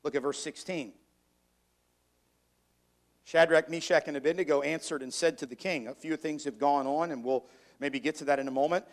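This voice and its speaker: A man preaching a sermon, reading scripture aloud in an old-fashioned cadence and slowing down to stress key words, often repeating words as he builds his point. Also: on the high side, fairly even intonation. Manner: reads scripture in archaic cadence, slowing for emphasis.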